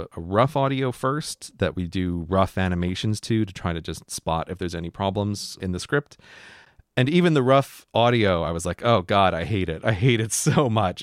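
A low-voiced man co-hosts a podcast, chatting casually and reflectively while leaning heavily on "like" as a filler. The sound is clean studio quality, with a clean tone and no echo.

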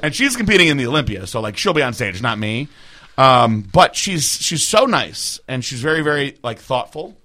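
A young man hosting a casual podcast chat, talking in an animated, loose way and swearing freely. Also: medium pitch, normal speed. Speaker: podcast host.

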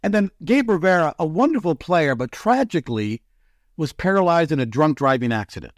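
Male broadcaster guest, animated raconteur, high-ish voice that swings widely. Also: brisk, no room sound, clean studio sound. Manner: animated, excitable storyteller. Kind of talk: storytelling in a podcast interview.

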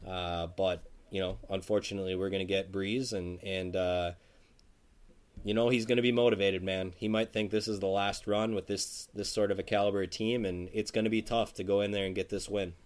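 A man with a fairly low voice co-hosts a casual sports talk show. He rambles through his points, stopping to restart and filling gaps with ums and uhs. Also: level tone, fairly quick, clear, resonant tone. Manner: rambling, many fillers and restarts. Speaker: podcast co-host.

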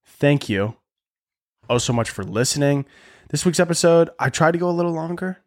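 A man from a half-Italian family hosts a solo podcast in a fairly high voice at moderate pace. He rants casually and profanely, rambling and animated, with lots of fillers.

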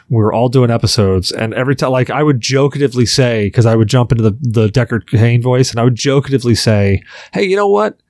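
A man's voice: medium pitch, a little mellow, no echo, clean studio sound. A man hosting a podcast, chatting casually and telling jokey stories. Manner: loose, joking, storytelling. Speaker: podcast host.

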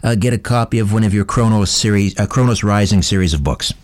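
A man's voice: lowish voice, fast talker. A man hosting an interview, reacting encouragingly and wrapping up with the guest. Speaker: interview host. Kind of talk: interview host chat.

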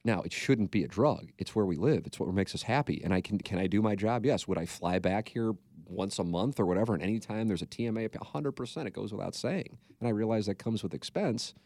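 A man's voice: fairly low pitch, brisk, hardly any pauses, darkish tone, dry recording, studio quality. A man co-hosting a podcast, talking in a rambling, candid way and swearing freely. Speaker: podcast co-host. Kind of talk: casual podcast chat.

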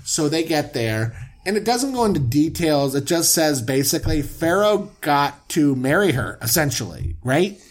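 A man's voice: on the high side, sing-song, moderate pace. A man animatedly telling a joking, slangy comic retelling of scripture as a podcast co-host.

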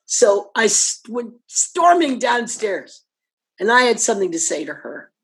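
An older actress telling anecdotes in an interview, animated and laughing often as she acts out what others said. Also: a little high, a little slow, husky.

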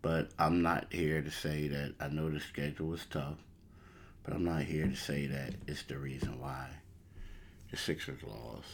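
A man's voice: a bass voice, fairly even intonation, a little slow, vocal fry, a little hiss or hum. A man hosting a casual sports talk show, rambling and repeating himself as he talks through the standings. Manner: rambling, repeats "you know" and "crazy". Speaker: sports podcast host.

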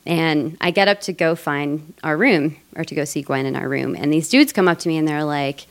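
On a theater stage before a live audience, a woman from Colorado, USA, tells a personal story in a chatty, casual way, laughing often. Her voice is low, at normal speed with hardly any pauses.

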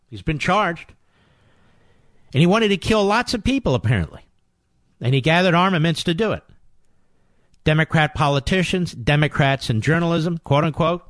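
Middle-aged male talk radio host; sarcastic, emphatic, repeats for punch; higher voice, dead-dry studio. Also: no room sound. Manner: combative, sarcastic, emphatic repetition. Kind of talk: political talk radio monologue.

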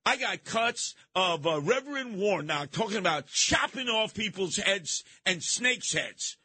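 A brash New York man running his own talk radio hour. His voice sits high and bright, and it jumps wildly as he mocks and hollers at his targets. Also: lively intonation, unhurried, husky, no echo. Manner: brash, mocking, shouts often. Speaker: radio talk show host.

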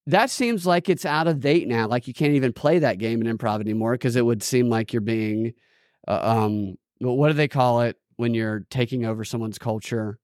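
A man's voice: mid-range voice, normal speed, a little mellow, dry recording, studio quality. A man hosting a podcast, giving blunt, profane political commentary in casual chat and laughing often. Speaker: podcast host.

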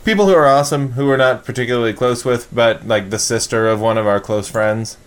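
Male podcast host, mid pitch, rambling jokey casual chat. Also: brisk, clear, resonant tone. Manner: rambling, joking, frequent filler.

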